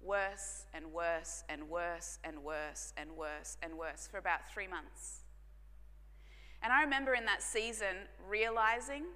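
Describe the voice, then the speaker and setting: Woman preaching in a reverberant hall. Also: medium pitch. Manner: earnest storytelling, drops to soft hushed tones for emphasis. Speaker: pastor. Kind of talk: sermon testimony.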